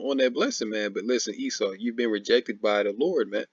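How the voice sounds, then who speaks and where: A man's voice: mid-range voice, animated, fairly quick, creaky, no room sound, highs cut off. A man giving informal preaching commentary, mocking and laughing often, repeating "man" and "all right" as he reads and explains scripture. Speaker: religious commentator.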